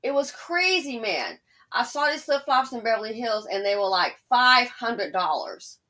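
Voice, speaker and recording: A woman's voice: fairly high pitch, normal speed. A woman hosting a casual commentary monologue, speaking straight to her viewers with exclamations and rambling asides. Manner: animated, talks straight to viewers. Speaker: commentary channel host.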